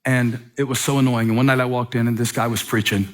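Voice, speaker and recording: A man preaching a sermon in a church, reading a letter aloud with dramatic pauses and repetition. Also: mid-range voice, little pitch movement, very noisy. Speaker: pastor. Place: church sanctuary.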